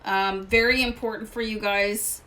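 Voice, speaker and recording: A woman's voice: mid-range voice, fairly even intonation, normal speed, bright, forceful tone. Chatty woman giving a casual tarot reading. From Canada. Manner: chatty and rambling, with many fillers and asides. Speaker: tarot reader.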